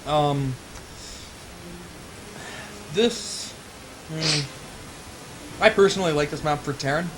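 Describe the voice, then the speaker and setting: A man's voice: a little high, very slow, pauses often, background noise. A young man commentating a strategy game match casually, laughing easily and joking at his own expense. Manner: laughs easily, self-deprecating. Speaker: esports caster.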